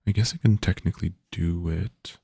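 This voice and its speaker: A man's voice: low voice, moderate pace, gravelly, warm tone, slightly rough, no echo, studio quality. A man, a game developer, thinking aloud casually while coding, hesitant with many filler sounds.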